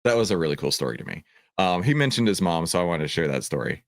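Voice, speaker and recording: A man's voice: low-pitched, animated, quick pace, no room sound, clean studio sound. A man hosting a livestream, chatting upbeat with viewers in the chat. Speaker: host of a livestream, reacting to a video.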